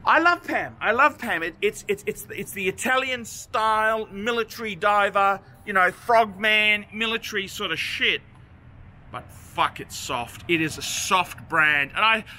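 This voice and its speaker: High, sharp-voiced Australian man ranting. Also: slight background noise. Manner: profane, repetitive, blunt ranting. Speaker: watch vlogger. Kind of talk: off-the-cuff rant to camera. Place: outdoors by a street with trams.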